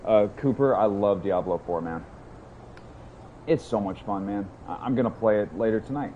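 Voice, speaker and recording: A man streaming a game from his hot room at home, talking excitedly and with a lot of swearing to his chat. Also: fairly low pitch, normal speed, phone-quality sound, a little hiss or hum. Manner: excited, profane, chatty with chat. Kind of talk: casual livestream chat.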